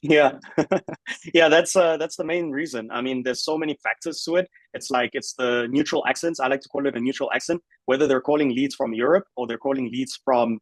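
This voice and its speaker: A man interviewing a client over a video call, asking measured questions with frequent "uh" hesitations. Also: mid-range voice, dry recording, low-quality recording. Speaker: host, sales agency founder.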